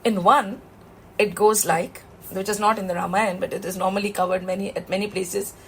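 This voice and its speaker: A woman, an expressive storyteller retelling a sacred epic and slipping in Hindi words. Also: mid-range voice, brisk, slight background noise, rough recording. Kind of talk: retelling scripture to listeners.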